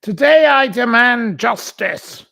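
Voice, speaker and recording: A man mocking a shrill, self-pitying woman. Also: slow pace, creaky, fairly bright tone, exaggerated voice. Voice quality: mocking high put-on voice. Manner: shrill, melodramatic, declaiming. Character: self-pitying, indignant woman demanding justice.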